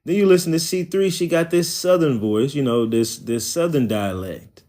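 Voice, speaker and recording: A man's voice: fairly high pitch, moderate pace, mellow. Rambling Oklahoma-accented man. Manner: rambling, profane, loose and conversational. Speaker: livestream host. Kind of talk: casual livestream chat.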